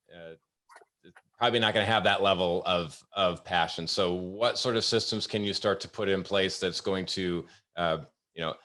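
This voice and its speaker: A middle-aged man hosting a webinar, telling work anecdotes in a halting way with frequent fillers. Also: sits low, fairly bright tone. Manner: storytelling, halting with many fillers. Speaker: host. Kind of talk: casual webinar talk with anecdotes.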